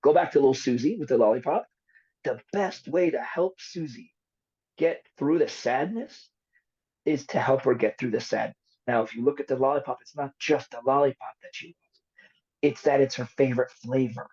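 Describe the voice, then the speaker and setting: A man, a psychologist guest on a podcast, explaining therapy with animated, storytelling delivery. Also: medium pitch, moderate pace, breathy edge. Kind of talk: podcast interview. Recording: dull lo-fi recording.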